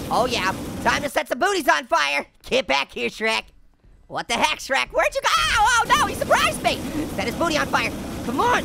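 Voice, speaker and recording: A man's voice: extremely high pitch, vocal fry, background noise, full character voice. A man voicing a wisecracking male talking orange who hosts cartoon game commentary, punning and giggling with constant exclamations. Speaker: gaming channel host. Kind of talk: cartoon let's-play commentary in character.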